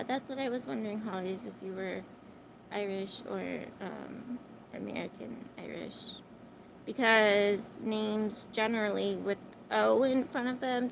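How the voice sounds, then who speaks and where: A woman's voice: mid-range voice, gravelly, noisy background. A young adult woman hosting a livestream, chatting casually and rambling with lots of fillers, her accent a mix of types of English. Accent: mixed English. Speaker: livestream host. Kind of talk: casual livestream chat with viewers.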